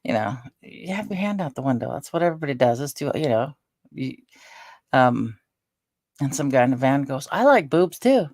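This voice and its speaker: A woman's voice: very deep voice, a little fast, darkish tone, dry recording. An older woman chatting casually on her vlog at home, rambling with lots of fillers. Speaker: vlogger. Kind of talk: casual chat.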